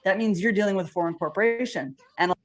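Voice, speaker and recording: A woman's voice: mid-range voice, quick pace. A woman lecturing in a rambling monologue, with frequent restarts and false starts. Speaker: speaker in a played video.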